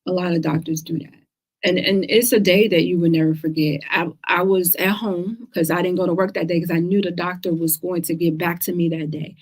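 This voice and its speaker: A woman's voice: fairly low pitch, steady tone, fairly quick. A middle-aged woman, hosting a casual talk show and speaking earnestly and emphatically, repeating words to stress her points. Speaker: host of a cancer talk show.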